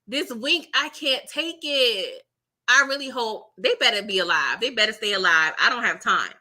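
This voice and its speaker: A woman's voice: on the high side, animated, moderate pace, pushed and bright. A woman hosting a live show recap, chatting casually, laughing often and reading viewer comments aloud. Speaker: recap livestream host.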